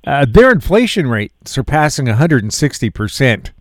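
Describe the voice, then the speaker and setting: A male radio host with a mid-pitched voice reads news headlines and tosses in dry quips. The recording is close and dry, with no room sound. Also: very animated, normal speed, no room sound. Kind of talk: reading news items and chatting.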